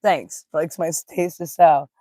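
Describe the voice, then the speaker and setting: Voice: mid-range voice, fairly even intonation, slow, warm tone, no echo, studio quality. A spiritual teacher giving a casual live-streamed talk, telling stories with folksy slang and greeting viewers in the chat. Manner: laughs easily, folksy slang.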